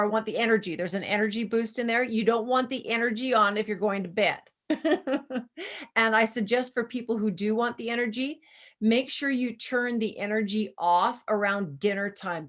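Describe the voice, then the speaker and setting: A woman chatting casually on a video call, telling stories and coaching people through steps, laughing often. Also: mid-range voice. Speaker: presenter guiding users. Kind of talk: casual chat.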